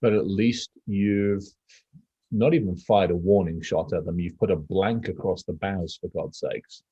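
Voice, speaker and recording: A low-voiced man with a husky, dark tone, co-hosting a casual podcast. He rambles in a profane, animated way. The sound is dry and a bit muffled. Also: measured pace, no echo. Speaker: podcast co-host.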